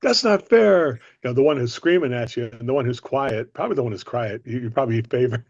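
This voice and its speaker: A man's voice: medium pitch, quick pace, a little mellow, dry recording, lo-fi sound. A man hosting a sales training discussion, coaching and drawing others in with questions. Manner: coaching, asks others for their views. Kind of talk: casual group discussion.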